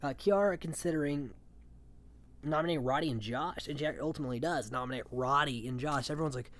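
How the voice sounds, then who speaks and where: Podcast host, casual recap commentary, mid-range pitch, rambling, opinionated. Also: fairly quick, fairly bright tone. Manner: rambling, opinionated, heavy on "you know" fillers.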